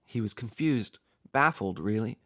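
A man's voice: on the low side, animated, unhurried, pushed and bright, no room sound, clean studio sound. A man hosting a horror podcast, reading a scripted horror-comedy story in a theatrical voice that relishes the gory, comic details. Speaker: horror podcast host and narrator. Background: background music.

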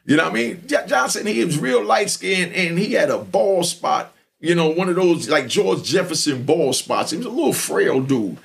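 A man hosting a show, telling a story in an animated, streetwise way and repeatedly checking in with the listener. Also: high-pitched, moderate pace, gravelly. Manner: animated, streetwise, repeats "you know what I mean". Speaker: podcast host telling stories. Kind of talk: storytelling monologue.

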